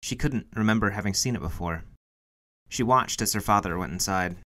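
A man's voice: on the low side, a little fast, sharp tone. A man reading a children's picture book aloud for a museum storytime, telling it expressively. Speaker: storytime reader.

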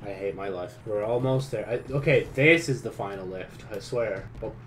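A young man giving sweary gameplay commentary, dropping from low mutters to frustrated yells. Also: moderate pace, slight background noise. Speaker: gaming YouTuber.

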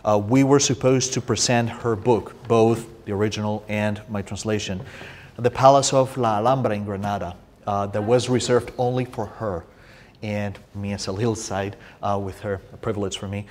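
Lively Spanish-accented man. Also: on the low side, normal speed. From Spain. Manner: restarts often, animated storytelling. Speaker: poetry translator and guest speaker. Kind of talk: answering audience questions. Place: university room.

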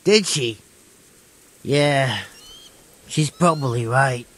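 A husky, dim village lad. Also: male voice, mid-range voice, drawn-out words, fairly bright tone. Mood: sheepish. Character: dim, good-natured young village man. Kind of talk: video game voice acting.

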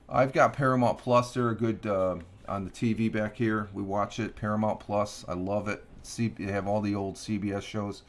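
A man hosting a casual morning livestream from home, rambling through the day's notes with many restarts and fillers. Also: fairly low pitch. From Upstate New York. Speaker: livestream host. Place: home room.

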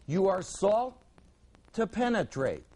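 Male Bible teacher, high and very lively delivery, emphatic, quizzes his class. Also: slow pace, poor audio. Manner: emphatic, rhetorical questions, repeats words for stress.

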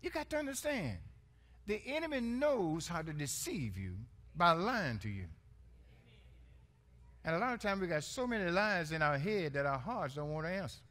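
A male pastor delivers a sermon. His voice sits high and swings widely in pitch. He calls out to the congregation, jokes, and laughs along with them. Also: big pitch swings, normal speed, fairly bright tone. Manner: call-and-response preaching, playful and laughing.

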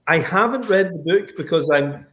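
A man's voice: a little high, animated, moderate pace, fairly bright tone. A man with a Scottish accent, a comic book writer rambling through anecdotes on a livestream video call. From Scotland. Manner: rambling, anecdotal, lots of "like" and "you know". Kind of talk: casual livestream chat.

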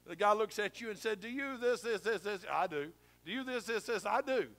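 A man's voice: high voice, bright, forceful tone. A man preaching a sermon in a church, folksy and emphatic, teasing his congregation. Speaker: pastor. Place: church sanctuary.

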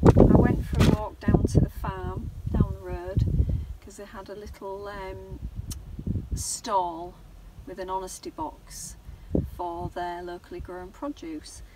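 A woman's voice: mid-range voice, slow, heavy background noise. A woman chatting cheerfully and laughing while cooking in a camper van. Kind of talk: casual chat. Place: camper van outdoors at a campsite.

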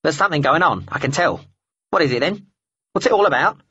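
Guy doing a croaky nosy black bird, high and grumbly, muffled lo-fi sound. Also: lively intonation, brisk, sharp tone, no room sound, exaggerated voice. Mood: nosy, grumbling. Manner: gruff, blunt questions in clipped speech.

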